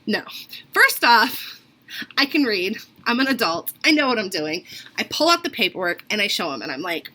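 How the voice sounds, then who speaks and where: Animated young woman telling a rant. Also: high voice, moderate pace, a little hiss or hum. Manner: animated, acts out other people's lines; casual, lots of "like". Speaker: vlogger. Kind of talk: storytime rant.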